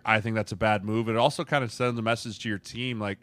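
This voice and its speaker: A man's voice: on the low side, steady tone, fast talker, fairly bright tone, no echo. A man co-hosting a football podcast, opinionated and acting out quotes in casual chat. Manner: opinionated, acts out quotes in voices. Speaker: podcast co-host, former lineman.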